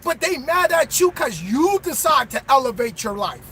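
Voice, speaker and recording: High-pitched preaching trucker, bright voice. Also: male voice, big pitch swings, moderate pace, a little hiss or hum. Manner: preachy, bursts into shouting. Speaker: truck driver giving motivational talk. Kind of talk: motivational pep talk.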